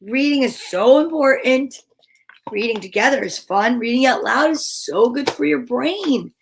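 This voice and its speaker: A woman hosting a children's storytime, reading a picture book aloud in an animated, encouraging way. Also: high voice, a little slow, creaky, a little hiss or hum.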